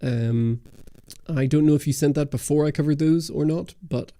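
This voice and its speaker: Hosting a camera channel's livestream Q&A, a young man from Ireland and Britain works through the chat, rambling casually with lots of ums and restarts. He has a fairly high, dark-toned voice at a moderate pace, recorded on a studio dynamic mic with no echo.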